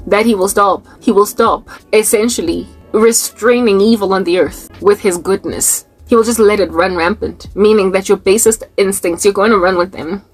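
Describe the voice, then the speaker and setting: A young woman with a South African accent delivers a loose, prophetic sermon straight to camera. She laughs often and doubles back on words to drive them home. Faint music plays underneath. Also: medium pitch. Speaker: online preacher.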